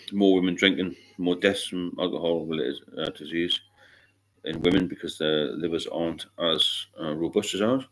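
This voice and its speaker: Deep-voiced blunt middle-aged man. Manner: blunt, swears freely, rambling anecdotes. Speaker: livestream host. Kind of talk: casual livestream chat.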